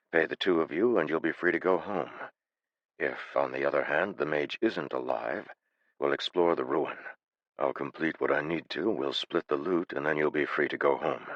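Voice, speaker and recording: A man voicing a calm, unflappable male adventurer leader who speaks flatly and matter-of-factly. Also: very deep voice, no room sound, muffled recording. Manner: calm, flat, matter-of-fact.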